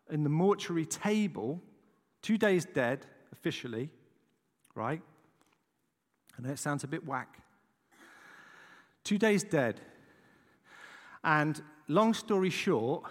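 A middle-aged English man preaching, telling a story dramatically and checking in with the listeners as he goes. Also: fairly high pitch. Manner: animated, dramatic storytelling with frequent "right?" asides. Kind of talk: storytelling sermon. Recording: long hall reverb.

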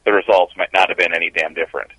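A man with a lowish voice and a bright, forceful tone, recorded close and dry. He talks sports with dry, sardonic humor in a casual podcast chat. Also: fairly even intonation, rapid-fire, no echo, low-quality recording. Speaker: podcast co-host.

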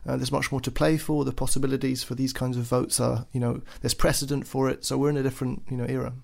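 A man's voice: medium pitch, level tone, fast talker, gravelly, darkish tone. A man speaking fluently and emphatically as a panelist in a political podcast. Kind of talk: analytical discussion.

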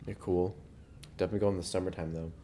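A man co-hosting a casual podcast chat, goofing around with deadpan trolling jokes. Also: deep voice, rapid-fire, slight background noise. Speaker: podcast co-host.

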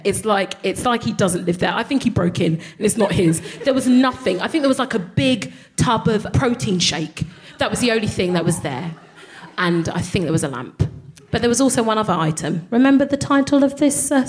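Woman telling a stand-up story on stage. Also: mid-range voice. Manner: animated, laughing, swearing. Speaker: comedian. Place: live comedy venue.

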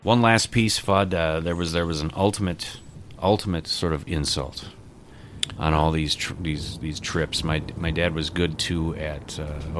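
A man's voice: very deep voice, steady tone, unhurried, background noise. A man hosting a casual chat, telling family stories in a rambling way, repeating words and acting out quotes. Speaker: podcast host.

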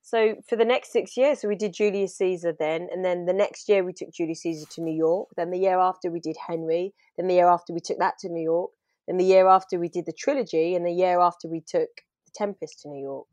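A woman actor chatting in an interview, telling lively stories and acting out what she said back then. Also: lowish voice, fairly quick, no room sound, clean studio sound. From half Trinidadian. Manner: animated storytelling, acts out her own past lines. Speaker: actor guest. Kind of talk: casual interview chat.

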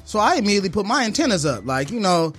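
Barber, casual storyteller; quick, high, profane, does the voices. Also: male voice, faint music behind. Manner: animated, acts out voices in his story; slangy, profane street talk.

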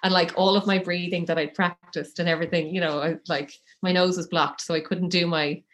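This is a woman in her thirties with a voice lower than most. She tells her story in a loose, chatty way, acting out what people said and laughing along the way. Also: steady tone, fairly quick, a bit bright, a little hiss or hum. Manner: chatty, laughs often, acts out quotes. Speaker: guest telling her birth story. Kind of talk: casual storytelling.

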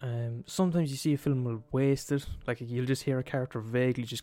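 A man's voice: medium pitch, fairly even intonation, fast, hardly any pauses, dark tone, faint music behind. Profane man ranting on a podcast. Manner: profane, emphatic, laughs at his own points. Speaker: podcast host. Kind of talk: comedic rant.

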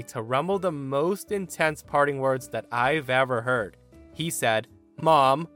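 A man narrating entitled-people stories as host, in an animated, expressive manner. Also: medium pitch. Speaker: story narrator and podcast host. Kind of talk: storytelling narration of reddit posts.

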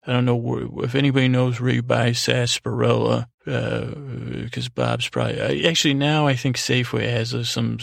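Speaking alone into a close studio mic, this male podcast host runs through casual thank-yous to listeners individually, meandering, fixing his own slips and cracking little jokes. His mid-range voice carries vocal fry, and the studio-quality recording is dry.

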